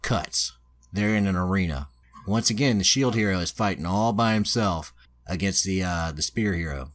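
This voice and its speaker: Deep-voiced male podcast host, casual and profane, recapping a story offhand. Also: normal speed. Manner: loose, swearing, lots of filler. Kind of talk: casual chat, retelling an anime plot.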